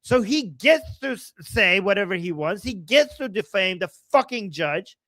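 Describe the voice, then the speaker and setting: A man hosting a casual livestream, reading viewer chat and reacting heatedly to clips, swearing freely and swinging from soft asides to loud outbursts. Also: high voice, animated, moderate pace, no echo, clean studio sound. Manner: reads viewer chat aloud.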